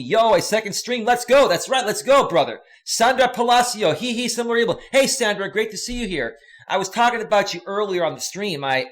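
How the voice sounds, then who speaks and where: A man, a life coach, chatting casually on a live stream, reading out viewer comments with loud animated bursts and crude slang. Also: on the high side.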